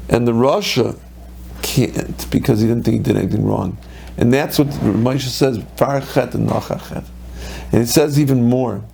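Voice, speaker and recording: A man who is a rabbi giving a Torah lecture, animated, acting out quoted voices with sudden pitch jumps. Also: gravelly, husky.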